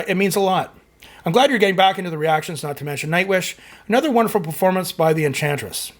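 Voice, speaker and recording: A middle-aged man hosting a music reaction channel, chatting loosely as he reads out viewer comments, rambling and full of fillers. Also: a little high. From Canada. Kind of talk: casual chat reading viewer comments.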